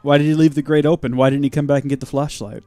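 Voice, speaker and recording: A young man streaming a video game live, chatting and joking with his audience as he plays, with sudden bursts of mock shouting. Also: fairly high pitch, fairly even intonation, fast, faint music behind. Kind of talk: live gameplay commentary.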